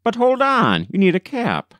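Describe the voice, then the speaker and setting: A man voicing an excitable young male college student who exclaims. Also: mid-range voice, slow pace, no room sound, exaggerated voice. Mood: excited.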